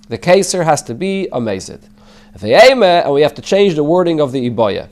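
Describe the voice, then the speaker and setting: A man's voice: fairly high pitch, very animated, a little fast, darkish tone. A man, a rabbi, teaching a Talmud class, translating the text line by line and explaining it in English mixed with Hebrew and Yiddish terms. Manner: answers students' questions.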